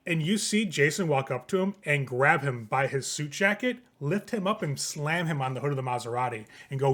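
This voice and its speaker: A man narrating a tabletop game as game master, in a relaxed, rambling way full of fillers. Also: fairly high pitch, brisk, hardly any pauses.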